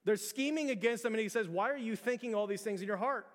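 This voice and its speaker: A man in his thirties preaches in a casual, conversational way, restarting phrases and then rising to emphatic peaks. His voice sits fairly high for a man. The sound carries a long reverb from the church sanctuary. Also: fast talker. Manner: conversational, repeats words, builds to emphatic peaks. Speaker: pastor. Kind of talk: sermon.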